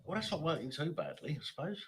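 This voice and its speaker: A man's voice: fairly high pitch, sing-song, fast, gravelly, a crowd in the background. A man hosting a live call-in stream in casual chat. He swears freely and often repeats his words as he talks.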